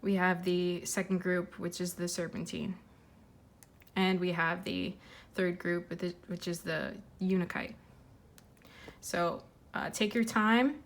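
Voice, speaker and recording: Woman tarot reader, soft earnest delivery, fighting back tears, halting fillers. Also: on the low side, level tone. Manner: gentle, heartfelt, with many fillers and restarts. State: tearful, fighting emotion. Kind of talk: intuitive tarot reading to camera.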